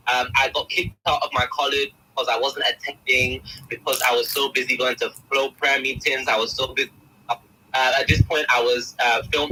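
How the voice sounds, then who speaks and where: A man's voice: mid-range voice, sharp tone, a little hiss or hum, poor audio. A young man, a guest in an interview, telling an emotional first-person account in an intense, agitated way, often calling the host by name.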